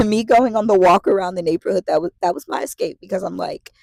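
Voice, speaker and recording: A woman in her late twenties telling a story to the camera, animated and profane, repeating herself as she vents. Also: medium pitch, fast talker, gravelly, no echo, low-quality recording. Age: late 20s. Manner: animated, profane, repetitive venting. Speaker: vlogger.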